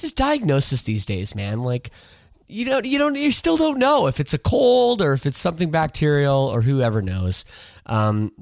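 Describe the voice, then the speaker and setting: A man's voice: mid-range voice, no room sound, studio quality. A middle-aged man with a congested, nasal voice hosting a podcast in a loose, chatty way, swearing casually and repeating words. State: congested, nasal from a sinus infection. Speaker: podcast host. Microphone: studio microphone.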